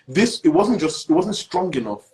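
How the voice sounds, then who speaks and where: A man's voice: a little high, very animated, normal speed, a little mellow. A man talks a student through acting advice one-on-one. He explains step by step in a reassuring way and fills his sentences with "you know". His delivery is conversational rather than formal. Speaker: acting teacher. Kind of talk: one-on-one feedback talk.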